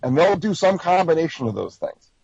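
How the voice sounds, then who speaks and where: A man's voice: on the high side, very animated, a little fast, vocal fry, a little mellow, husky, no echo. An American man leading a casual group discussion, explaining things emphatically and acting out quotes in mock voices. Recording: dry, slightly dull lo-fi recording.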